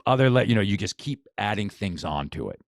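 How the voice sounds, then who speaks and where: On a casual podcast, a man who coaches boxing talks with enthusiasm, restarting sentences again and again and repeating himself. He has a low-leaning, creaky, animated voice and speaks fairly quickly. The audio is clean, dry studio sound.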